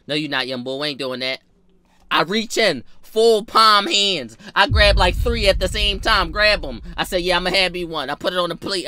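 A young man telling a funny personal story in a storytime vlog, animated and profane with sudden jumps in pitch and loudness. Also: no room sound. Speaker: vlogger.

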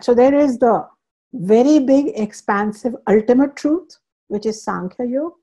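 Mellow, husky woman teaching scripture. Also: a little high, lively intonation, a little slow. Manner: emphatic, repeats key phrases for stress; explains terms in English as she goes. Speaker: spiritual teacher. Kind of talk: scripture class lecture.

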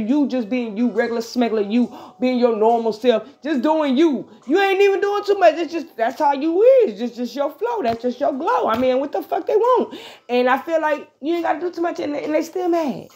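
A woman giving viewers a casual spiritual pep talk, profane and animated, laughing often and breaking into bits of song. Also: sits high. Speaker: spiritual vlogger.

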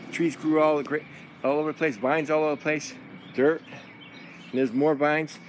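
A man's voice: on the high side, a little hiss or hum. A man casually narrating while filming his dogs outdoors in a backyard, in a lazy, drawling way on a handheld iPod camera.

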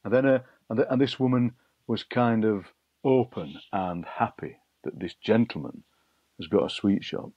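Husky low-voiced man telling lively stories. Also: normal speed, no echo. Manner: lively anecdotal, acts out overheard voices. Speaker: poet and broadcaster, guest. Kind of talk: interview storytelling. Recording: dull lo-fi dry sound.

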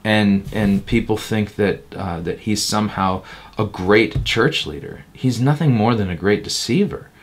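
Blunt, emphatic male pastor, low voice. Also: measured pace. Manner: emphatic and blunt, slipping into mocking quotes of others. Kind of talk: interview answer, critical commentary.

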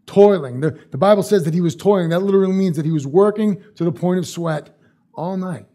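A man's voice: sits high, a little fast, dark tone. A male pastor preaching a sermon in a casual, conversational way, repeating phrases for emphasis.

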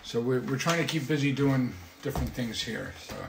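A man hosting a casual livestream from his home, talking in a rambling, halting way with many fillers. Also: medium pitch, echoey room, over music. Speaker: musician hosting a weekly livestream.

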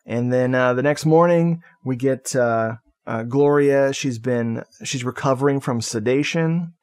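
A man co-hosting a podcast, recapping a horror film in casual chat, excitable and swearing freely. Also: medium pitch, unhurried, smooth. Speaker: podcast co-host.

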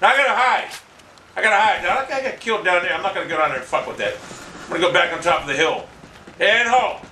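A man commentating his own shooter game match, ranting, swearing and yelling in frustration. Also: sits high, slight background noise. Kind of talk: live gameplay commentary. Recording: roomy, distant mic with loud game gunfire.

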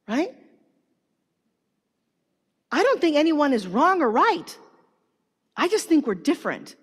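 A woman preaching a sermon at a conference, telling stories in a lively, chatty way with a lot of "like" fillers and acting out quotes. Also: sits high, slow pace. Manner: animated storytelling with many "like" fillers, acting out quotes. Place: large conference hall. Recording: long reverb of a large hall.

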